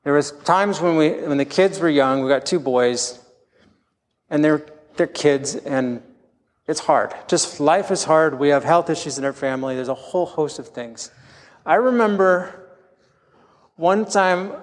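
A man's voice: a little high, measured pace, big-room sound. A middle-aged man preaching a sermon as pastor, telling candid, self-deprecating stories from his own life.

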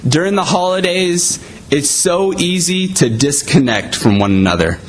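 A man's voice: on the high side, expressive, normal speed, rough recording. A man preaching a sermon in a conversational way, often saying "you know".

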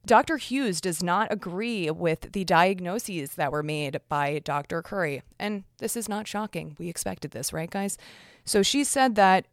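A woman's voice: lowish voice, measured pace, dry recording, clean studio sound. A woman hosting a casual commentary podcast, talking frankly and chattily with lots of fillers and restarts. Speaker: podcast host.

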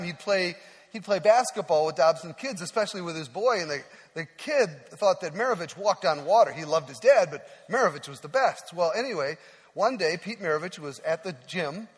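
A male pastor delivering a sermon, telling a story earnestly and dropping to a hush at the emotional moments. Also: fairly high pitch, slightly rough. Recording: long hall reverb.

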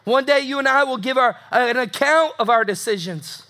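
A male pastor preaches in a strikingly high voice. His tone is bright and forceful. He hammers phrases through repetition and slips into voices for the people in his story. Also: normal speed. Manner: emphatic, repeats phrases for effect, acts out voices. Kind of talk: sermon.

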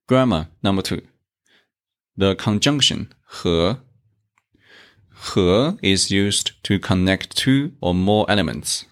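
Man teaching a lesson, pretty low voice, really slow and careful. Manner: deliberate, models tones clearly. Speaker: Chinese language teacher. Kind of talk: slow instructional explanation.

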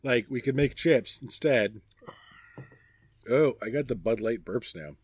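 Husky and mid-range, his voice has lively intonation and a measured pace, with no room sound. He's a middle-aged man co-hosting a podcast in casual, joking conversation at an outdoor backyard gathering, frequently rambling and trailing off.

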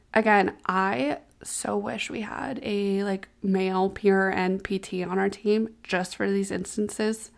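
A woman's voice: medium pitch, vocal fry. A woman hosting a casual solo podcast as a physical therapist, reading online posts aloud and reacting candidly with exclamations.

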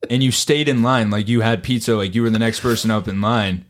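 A man's voice: on the low side, fairly quick. A man co-hosting a casual chat, telling a long story with acted-out quotes and lots of swearing. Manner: animated storyteller, acts out quotes, swears often. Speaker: podcast co-host.

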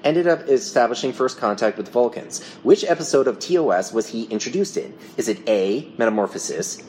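A man's voice: medium pitch, expressive, a little fast, darkish tone, a little hiss or hum. A man hosting a casual podcast trivia quiz, reading out questions and multiple-choice answers. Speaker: quiz host.

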